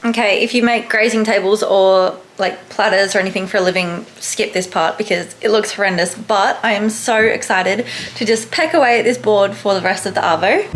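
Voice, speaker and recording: A woman's voice: mid-range voice, normal speed, hardly any pauses, rough recording. A young Australian woman chatting casually in a bubbly, gushing vlog, laughing easily. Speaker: vlogger.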